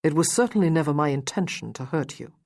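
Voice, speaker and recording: A proud Regency lord with a dry, mocking edge, put on by a woman reading the story. The voice sits low and unhurried. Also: expressive, darkish tone. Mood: measured. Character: proud, teasing male aristocrat in Regency England.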